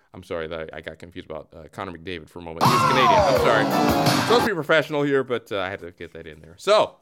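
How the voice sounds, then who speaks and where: A man's voice: medium pitch, a bit bright, clear, resonant tone. A man hosting a comedy show in a mock-formal broadcast style with sarcastic asides. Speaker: host.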